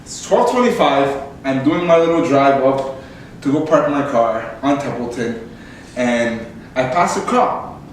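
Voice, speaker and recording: A young man, a podcast host, telling a story casually and with much laughter, his voice leaping high when excited. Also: a little slow. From Canada. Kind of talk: casual storytelling among co-hosts. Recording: echoey room, distant mic, faint noise.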